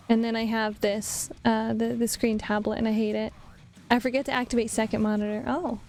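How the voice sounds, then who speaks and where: A young woman chatting casually with her stream while she draws, rambling and laughing often. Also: fairly high pitch. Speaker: vtuber art streamer. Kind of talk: casual livestream chat while drawing.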